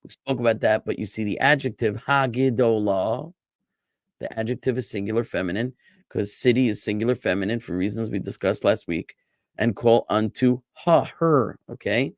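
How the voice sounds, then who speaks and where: Chatty rabbi teaching online. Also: male voice, on the low side, moderate pace, no echo, clean studio sound. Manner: lively, chatty, joking with students. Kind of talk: online class lecture.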